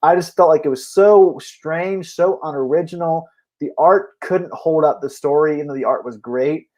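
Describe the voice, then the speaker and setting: A man co-hosting a casual comic book chat, talkative and quick to laugh, often restarting his sentences. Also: a little high, a little mellow. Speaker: podcast co-host.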